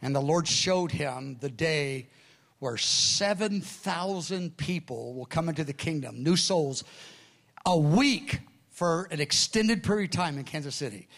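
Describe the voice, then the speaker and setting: Middle-aged man, preacher, lively sermon storytelling with voiced dialogue, slightly high-pitched. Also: measured pace, vocal fry. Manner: animated storyteller, acts out quoted dialogue.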